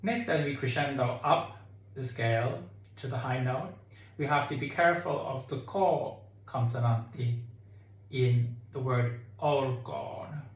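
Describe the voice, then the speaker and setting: Slow, echoey male choir director. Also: medium pitch. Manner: explains calmly, sings phrases to demonstrate. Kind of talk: choir singing tutorial. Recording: echoey room with keyboard.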